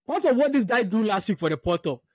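A man with a very high voice teases his co-host in casual podcast banter. He is excitable and pushes his points with quick jabs. The sound is dry. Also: husky, no echo. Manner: teasing, excitable.

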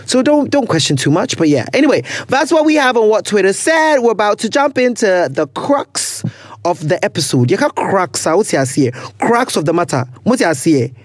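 A man's voice: high voice, very animated, fairly quick, dry recording. A young man with a Ghanaian accent hosting a podcast in casual chat, playful and laughing often, mixing in bits of pidgin. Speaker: podcast host.

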